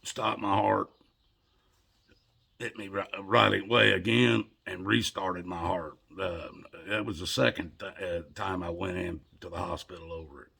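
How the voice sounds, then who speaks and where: Man with a low, gravelly voice and a bright, husky edge, casual rambling storytelling. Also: steady tone, unhurried. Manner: rambling, conversational, with repeated restarts.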